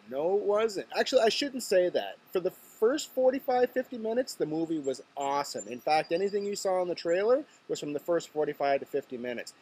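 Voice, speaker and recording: A vlog host from Nova Scotia, Canada, talks casually to camera, chatty and joking as he tells stories. His voice sits high, with a darkish, husky tone.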